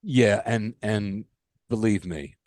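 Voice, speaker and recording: A man co-hosting a casual podcast, telling a rambling, animated story with restarts and swearing. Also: fairly low pitch, takes it slowly, no echo, studio quality. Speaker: podcast co-host. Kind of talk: casual chat.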